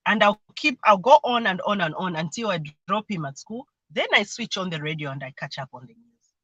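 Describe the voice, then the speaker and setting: Woman guest, earnest explainer, bright tone, dry mic. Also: mid-range voice, expressive, brisk, no echo, highs cut off. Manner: earnest, explanatory, imitates voices when quoting. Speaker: mentee sharing her experience. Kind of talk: livestream conversation. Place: remote video call.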